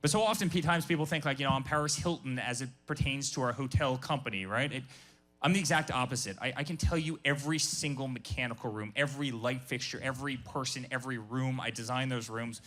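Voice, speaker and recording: A man's voice: medium pitch, fast talker, a bit bright, soft background music. A man speaking as a guest business founder at a live workshop, emphatic and passionate, often repeating his words.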